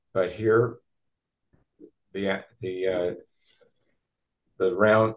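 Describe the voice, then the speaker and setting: Man, very low voice, slow, halting, hearing argument, dull lo-fi sound. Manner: halting, many fillers and restarts. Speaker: party at a land-use hearing. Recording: dull lo-fi recording.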